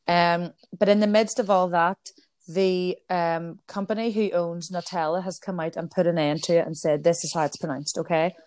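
A woman with a Northern Irish accent, co-hosting a casual chat show and telling stories in a blunt, sweary, animated way. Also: fairly low pitch, normal speed, smooth, no echo. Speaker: podcast co-host.

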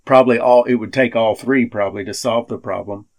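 A man's voice: mid-range voice, steady tone, brisk. A man co-hosting a casual political chat, wry and prone to restarting his sentences.

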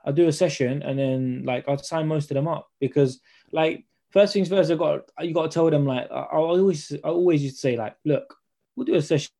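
Young trainer guest, rapid and mellow, casual chat full of slang. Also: male voice, fairly high pitch, creaky. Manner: slangy, storytelling, acts out dialogue. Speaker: podcast guest, personal trainer.

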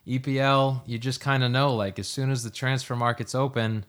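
A man co-hosting a casual sports podcast in an easygoing way, pausing often on "uh". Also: mid-range voice, little pitch movement, fairly bright tone. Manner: easygoing, hesitant with many "uh"s. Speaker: podcast co-host.

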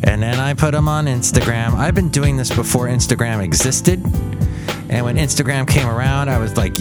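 A man's voice: mid-range voice, moderate pace, over loud music. Rambling, jokey male podcast host. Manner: rambling, jokey, self-correcting. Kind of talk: casual solo podcast monologue.

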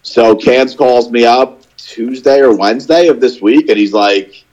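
A man's voice: mid-range voice, unhurried, darkish tone, dull audio. A young man co-hosting a casual podcast, telling stories in a rambling way with lots of filler words. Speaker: podcast co-host. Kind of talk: casual chat.

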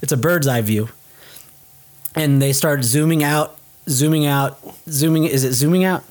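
A young man co-hosting a podcast, casually recapping a film in an animated way, swearing offhand and acting out the characters' lines. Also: on the high side, moderate pace. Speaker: podcast co-host.

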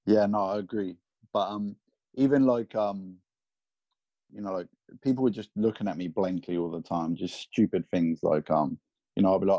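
A man from England with a southern English accent, a podcast guest chatting in a relaxed way with many fillers. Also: sits low, a little fast, no echo. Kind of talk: casual chat. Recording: dull, lo-fi call audio.

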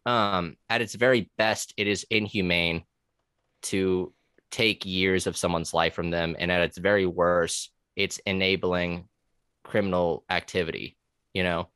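A very deep-voiced man talks loosely in a podcast chat, full of ums, likes and restarts, and swears freely. His voice is close and dry, with no room sound around it. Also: steady tone, a little slow, pushed and bright, smooth, no echo. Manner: rambling, profane, with many fillers and restarts. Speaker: podcast guest, former corrections officer. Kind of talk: casual conversational podcast.

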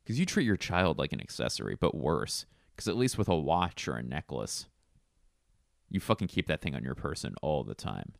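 A man's voice: extremely low pitch, big pitch swings, normal speed, gravelly, no room sound, clean studio sound. A man in a casual comedic monologue, swearing freely and rambling as he acts out imagined exchanges. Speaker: comedian and podcast host.

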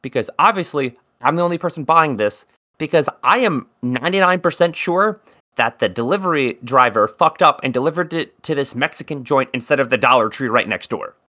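Bright-voiced rambling storyteller guy. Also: medium pitch, animated, a little fast. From South Jersey. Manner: rambling storyteller, swears freely. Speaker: podcast co-host. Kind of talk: casual chat.

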